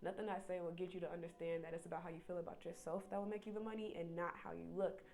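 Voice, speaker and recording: Young female guest, low-pitched, candid and animated, casual chat. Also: very fast. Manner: candid, animated, acts out quoted voices. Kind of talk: casual conversation.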